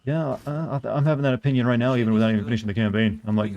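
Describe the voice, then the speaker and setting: A man's voice: medium pitch, flat delivery, racing, vocal fry, dark tone, dull audio. A man streaming a game, chatting casually with his viewers and answering their questions, often restarting his sentences. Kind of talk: casual gameplay commentary.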